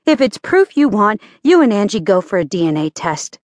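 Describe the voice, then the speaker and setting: A woman's voice: medium pitch, sing-song, moderate pace, no room sound, lightly acted. A woman narrator voicing a fierce middle-aged mother in an audiobook, speaking in a raised, impassioned voice. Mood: bitter.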